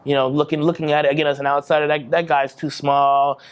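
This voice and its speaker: A somewhat higher-voiced man in his thirties speaks in a candid, heartfelt interview. He talks earnestly and emotionally, drops casual swear words, and often stops and restarts his sentences. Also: level tone, fast talker, smooth. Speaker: bodybuilding champion interviewee. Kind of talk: candid post-victory interview.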